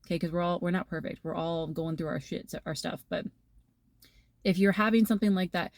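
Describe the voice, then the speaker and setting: A woman's voice: fairly low pitch, brisk, a little mellow, no echo. Chatty woman giving a tarot reading. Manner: rambling, conversational, full of fillers and analogies. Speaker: tarot reader. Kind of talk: channeled message to viewers.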